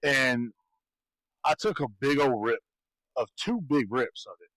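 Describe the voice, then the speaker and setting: A man's voice: medium pitch, lively intonation, a little slow, fairly bright tone, dry recording, low-quality recording. Laughing, rambling man. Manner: laughs often, rambling storyteller. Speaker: podcast co-host. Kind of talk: casual chat.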